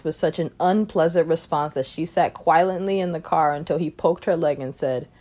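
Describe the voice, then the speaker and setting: A woman reading a short story aloud in a calm, even manner. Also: low voice, normal speed, hardly any pauses. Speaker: reader.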